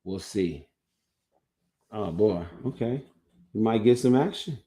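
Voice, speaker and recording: Low-voiced man rambling on a livestream. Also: expressive, takes it slowly, dark tone. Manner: loose, rambling, restarts mid-sentence. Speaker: livestream host and coach. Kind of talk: casual livestream commentary.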